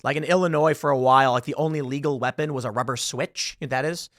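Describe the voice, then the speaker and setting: A man hosting a podcast, giving casual commentary as an animated, rambling storyteller. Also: mid-range voice, quick pace, no echo, clean studio sound. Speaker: podcast host.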